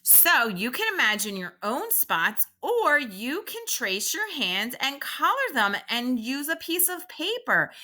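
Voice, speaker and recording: A woman teacher reads aloud to young children at an unhurried pace, leading a calming exercise in a sing-song way. Her voice is bright and clear, and it rises and falls a great deal. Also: sits high.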